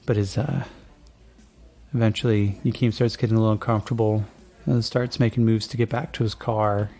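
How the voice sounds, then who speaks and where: Gravelly laid-back male game master. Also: fairly low pitch, flat delivery, a little fast, warm tone. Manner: laid-back, rambling, many fillers. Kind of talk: narrating a tabletop game.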